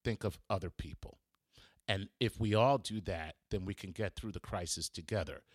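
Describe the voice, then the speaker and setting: A man's voice: sits low, normal speed, breathy edge, no room sound, clean studio sound. A man who is a comedian hosting a podcast from a room at home, delivering a casual comedic monologue in a sarcastic, joking way.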